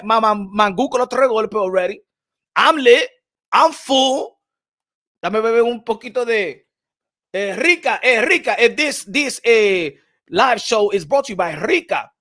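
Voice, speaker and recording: A young man hosting a lively live-streamed boxing morning show, hyped and shouty, with street slang and Spanish phrases. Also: extremely high pitch, normal speed.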